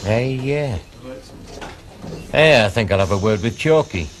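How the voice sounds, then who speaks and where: A blunt, grumbling tradesman in a soap opera. His voice swings widely in pitch as he grumbles. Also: lively intonation, unhurried, slight background noise.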